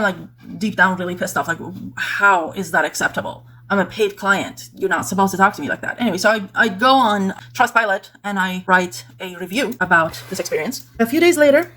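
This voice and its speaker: A woman's voice: medium pitch, brisk, a bit bright. A woman vlogger walking through screenshots in casual, exasperated talk, peppered with "like" and "blah, blah". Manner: indignant, exasperated; conversational, with fillers like "like" and "blah, blah".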